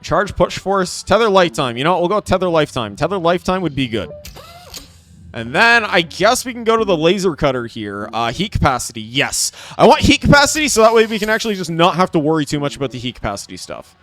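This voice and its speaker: Excitable high-pitched gamer guy. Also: quick pace. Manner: excitable, animated, playful. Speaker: streamer. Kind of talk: live game commentary with chat.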